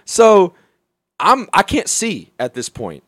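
A young man from Alabama telling a wild story in casual talk, profane and animated, often laughing. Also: high voice, slow, no echo, clean studio sound.

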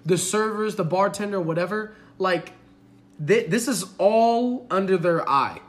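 A man's voice: high-pitched, unhurried. A man on a podcast, casually retelling a story with lots of swearing and laughter. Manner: profane, laughing, animated retelling. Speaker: podcast co-host.

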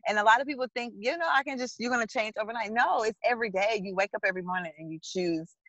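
A woman's voice: lowish voice, dry recording, lo-fi sound. A woman guest speaking frankly and emphatically about her life, acting out her own thoughts. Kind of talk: candid personal conversation.

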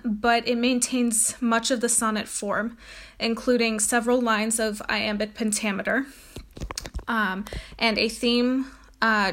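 A woman's voice: a little high, a bit bright. A woman giving an informal lecture on a poet and reading a poem aloud, with frequent ums and uhs. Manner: casual, many ums and uhs. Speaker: teacher presenting a poet.

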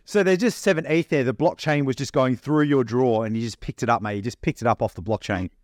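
A man's voice: medium pitch, quick pace, no room sound, clean studio sound. A man co-hosting a podcast, teasing his co-host playfully and saying "mate" a lot. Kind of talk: casual podcast chat.

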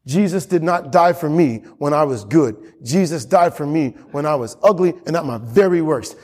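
Male pastor, high voice, fervent sermon delivery with lots of repetition, reverberant church hall. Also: lively intonation, normal speed, a little mellow. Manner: impassioned, repeats phrases for emphasis.

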